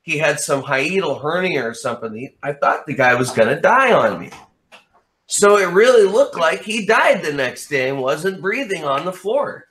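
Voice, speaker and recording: A man as an interview guest in casual chat, telling a story in an animated way and swearing freely. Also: a little high, moderate pace.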